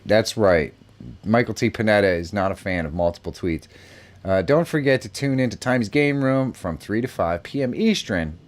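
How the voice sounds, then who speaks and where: A middle-aged man hosting a live stream, chatting casually, reacting to messages and laughing often. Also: fairly low pitch. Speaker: live show host. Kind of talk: casual live-stream chat reading comments.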